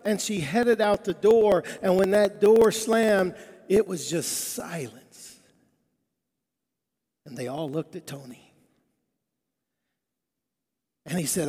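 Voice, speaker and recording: A male preacher with a high-pitched voice tells a story, quoting each character in turn. He keeps the telling animated. A long reverb from a big sanctuary trails his words. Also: unhurried. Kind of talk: sermon storytelling. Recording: long reverb of a large hall.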